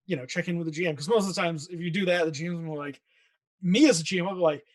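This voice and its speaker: A man who runs tabletop games, chatting in a relaxed, easygoing way with lots of fillers. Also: a little high, racing, no echo, far from the mic. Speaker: game master. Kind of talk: casual chat.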